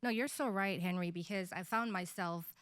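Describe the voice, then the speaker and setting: A woman's voice: medium pitch, normal speed, a bit bright, no room sound, clean studio sound. Candid woman sharing a personal story. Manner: candid, storytelling, laughs lightly. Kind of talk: personal testimony in conversation.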